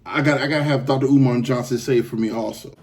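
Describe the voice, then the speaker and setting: A man's voice: mid-range voice, steady tone, fast talker. A man hosting a reaction video, commenting casually and rambling a bit as he talks it over. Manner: rambling, restarts, laughs along.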